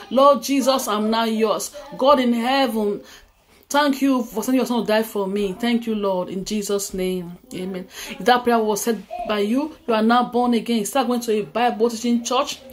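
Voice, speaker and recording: A woman's voice: on the high side, fairly even intonation, normal speed. A woman preacher delivering a fervent prophetic sermon, breaking into tongues between repeated, exhorting declarations and hallelujahs. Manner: repetitive, exhorting, punctuated with hallelujahs.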